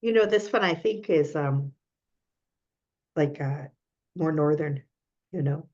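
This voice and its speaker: A woman's voice: sits low, slow, mellow, highs cut off. A woman student asking her teacher questions in an online class, hesitant and full of fillers. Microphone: video call.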